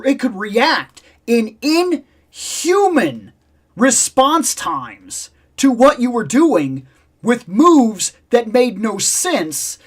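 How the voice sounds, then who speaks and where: Middle-aged male host, animated storyteller, pitch swings wide, casual nostalgic chat. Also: husky. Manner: animated storyteller, swings between loud exclamations and low asides.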